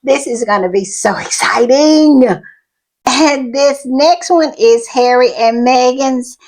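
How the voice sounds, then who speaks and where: A woman hosting a fan commentary channel, gushing excitedly and repeating herself, often calling her viewers y'all. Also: high voice, slow.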